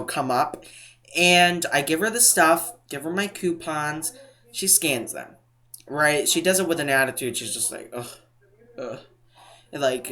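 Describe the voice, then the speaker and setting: Bright-voiced rambling storytime man. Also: fairly high pitch. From New England. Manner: rambling, self-interrupting, mimics other people. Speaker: couponing vlogger. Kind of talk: casual storytime.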